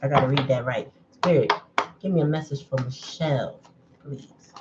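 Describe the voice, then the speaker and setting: A woman's voice: very deep voice, normal speed, muffled recording, very noisy. A woman giving a casual livestream tarot reading, chatty and blunt in a straight-to-the-point way. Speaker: tarot reader.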